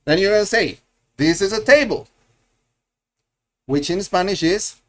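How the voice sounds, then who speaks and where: A man's voice: high-pitched, measured pace. A man teaching a live online Spanish lesson, patiently repeating words and drilling his learners, often correcting himself as he thinks aloud.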